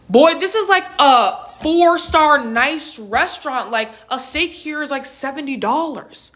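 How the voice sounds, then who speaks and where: A woman in her twenties telling a storytime in a slangy, animated way with big reactions. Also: sits high, normal speed, hardly any pauses. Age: 20s. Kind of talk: storytime vlog.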